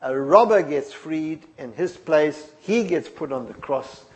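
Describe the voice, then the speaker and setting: A man preaching a sermon, telling the stories expressively, dropping soft and quiet and then rising to emphatic lines. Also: on the high side, animated, a little slow.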